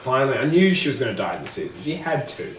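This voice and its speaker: A young man with a lively, slightly high voice gives blunt, profane opinions. He sits away from the mic in an echoey room, with faint music under him. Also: quick pace, far from the mic, a little hiss or hum. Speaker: podcast co-host. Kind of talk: casual review chat.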